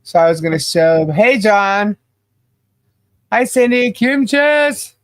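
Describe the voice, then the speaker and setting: A man's voice: sits high, expressive, slow pace, no echo. A man hosting a livestream who chats casually and rattles off viewers' names. He sounds a bit stuffy and nasal from the humidity and allergies. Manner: upbeat, chatty, rattles off names. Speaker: livestream co-host.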